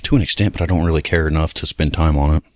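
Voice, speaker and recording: A man with a very deep voice talks in an easygoing, unhurried way, dropping plenty of yeahs and uhs and the odd curse. The sound is close and dry, with no room around it. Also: fairly even intonation, darkish tone, dry recording. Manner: laid-back, many yeahs and uhs, profane. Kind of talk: casual chat.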